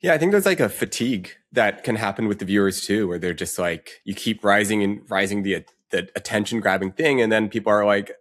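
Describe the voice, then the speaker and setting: A man's voice: on the low side, fairly quick, hardly any pauses, fairly bright tone. A man on a podcast, asking questions and reflecting in a casual tone.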